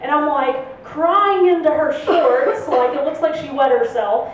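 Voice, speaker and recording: A young adult woman telling a funny personal story on stage at a live storytelling night, animated and laughing often, jumping her voice up high to act out the people in it. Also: measured pace. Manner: animated, acts out voices with big pitch jumps, laughs often. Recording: roomy live venue, heard from a distance, faint room noise.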